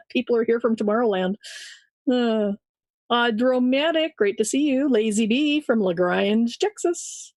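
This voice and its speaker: A woman's voice: fairly high pitch, measured pace, a little mellow, no room sound. A woman hosting a live show, cheerfully greeting listeners by name and laughing often. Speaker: show host reading out chat names. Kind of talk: casual live-stream chat.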